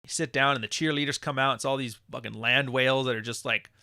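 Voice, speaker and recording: A man hosting a live podcast, ranting with profanity and mocking others in high put-on voices. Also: fairly even intonation, quick pace, bright, forceful tone, no room sound, clean studio sound. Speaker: podcast host. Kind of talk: livestream podcast rant.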